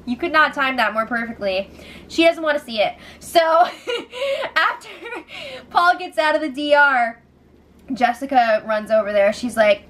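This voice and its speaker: A young woman casually recapping reality show events, chatty and giggly, acting out the quotes as she goes. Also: sits high. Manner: chatty, giggly, animated retelling with quoted voices.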